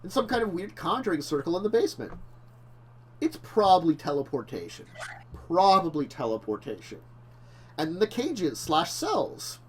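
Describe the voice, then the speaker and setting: A man's voice: a little high, sing-song, moderate pace, a little hiss or hum. A man co-hosting a casual talk show, rambling and correcting himself, laughing often. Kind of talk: casual chat.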